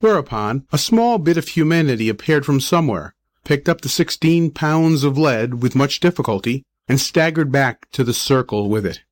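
A volunteer male reader narrating an old short story in a plain, measured way. The recording is dry and close, with no room echo at all, and his pitch sits in the middle. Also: expressive. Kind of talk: scripted narration.

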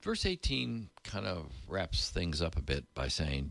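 A man's voice: deep voice, huge pitch swings, unhurried, vocal fry, hardly any pauses, a bit bright, no echo. A man teaching from the Bible, reading passages aloud and adding plain, casual comments. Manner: reads scripture aloud, then adds plain casual asides.

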